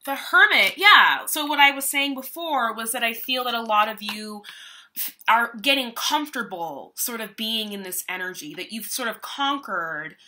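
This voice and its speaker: A woman's voice: on the high side, expressive, moderate pace, sharp tone, slight background noise. A young woman doing a casual, chatty tarot reading, talking in a meandering way with lots of fillers. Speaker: tarot reader.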